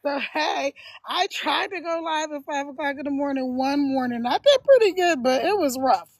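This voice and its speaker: A woman's voice: sits high, normal speed, no room sound, a faint crowd. A middle-aged woman from Philadelphia chatting casually to viewers on a livestream, laughing often and encouraging them. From Philadelphia, USA. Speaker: live streamer.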